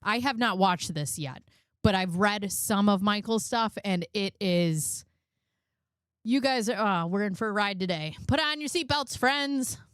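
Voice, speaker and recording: A woman's voice: mid-range voice, animated, measured pace, fairly bright tone, smooth, no echo, studio quality. A woman hosting a commentary channel, reacting casually and skeptically with chatty asides.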